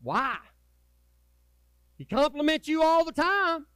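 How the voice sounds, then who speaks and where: A man preaching a sermon as pastor, folksy and swinging from loud urging to low, quiet asides. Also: sing-song, slow pace, no room sound. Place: church sanctuary.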